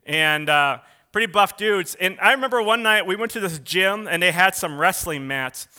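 A pastor with a high, ringing voice tells a story during his sermon. He talks loosely, with restarts, and raises his voice when he acts out what people said. His tone is bright and forward. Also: normal speed, clear, resonant tone. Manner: animated, acts out quotes in a raised voice.

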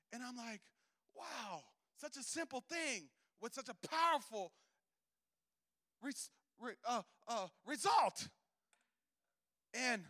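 Male missionary preacher, high and bright-toned, animated storyteller who voices the dialogue himself. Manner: animated storytelling, swings between loud bursts and soft asides; acts out dialogue in quoted voices. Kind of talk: sermon testimony.

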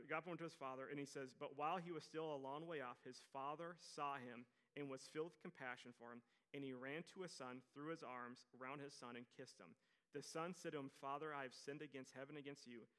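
A man preaching a sermon to a congregation, reading scripture softly and then speaking out with animated emphasis and asides to the listeners. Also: mid-range voice. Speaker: pastor.

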